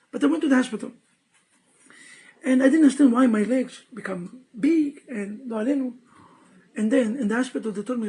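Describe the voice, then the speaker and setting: A rabbi telling personal stories in animated, broken English during a sermon. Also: male voice, very high voice, breathy edge. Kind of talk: storytelling sermon.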